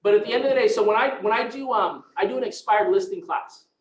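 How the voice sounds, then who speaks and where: A real estate team leader gives an energetic motivational sales coaching talk, acting out phone conversations in excited voices. His voice sits high and he talks fast, recorded in an echoey room with dull audio.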